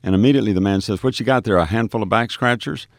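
A man with a deep, low voice tells a story of his street ministry, stumbling and restarting as he goes. He acts out the dialogue he recalls. The recording is dry and close. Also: rapid-fire, no echo. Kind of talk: telling a testimony on a radio show.

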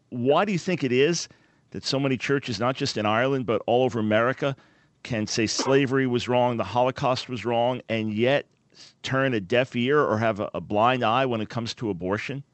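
A man with a New York accent hosting a radio talk show, energetic as he introduces callers and plugs websites. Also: medium pitch, no room sound.

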